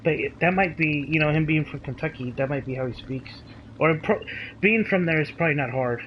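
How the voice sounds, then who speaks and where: A man's voice: a little high, a little fast, dull audio, a little hiss or hum. A man reviewing a movie in casual chat, laid-back and often saying "dude" and "like".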